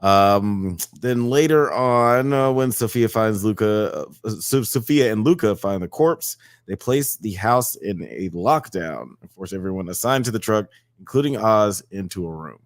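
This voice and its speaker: A man's voice: on the low side, animated, a little slow, hardly any pauses, no room sound, studio quality. A man co-hosting a casual podcast, easygoing and agreeable, laughing often and reading out chat comments. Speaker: podcast co-host.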